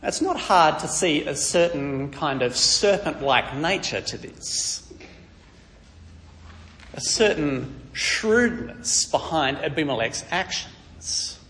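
A man preaching on a Bible passage in a lively, storytelling manner, dropping in wry asides. His voice sits a touch high and swings widely in pitch. A long reverb trails after him in the hall. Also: slow pace. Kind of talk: conversational Bible teaching.

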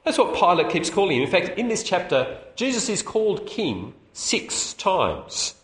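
A man delivers a sermon with a lively, swooping voice that sits a little high. He asks rhetorical questions and lets out small chuckles. The sound rings around an echoey hall. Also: measured pace. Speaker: preacher. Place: meeting hall. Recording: echoey room.

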